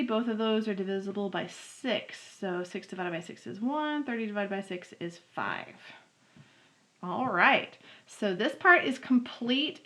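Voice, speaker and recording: A woman's voice: fairly high pitch, a bit bright. A woman teaching a math lesson, talking students through each step aloud in a friendly way. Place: home.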